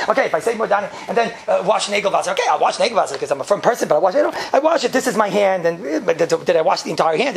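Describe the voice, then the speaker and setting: Fast-talking gravelly man teaching. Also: high-pitched. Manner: joking, chuckles often, rhetorical questions. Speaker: yeshiva teacher giving a class. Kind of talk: informal lecture with jokes.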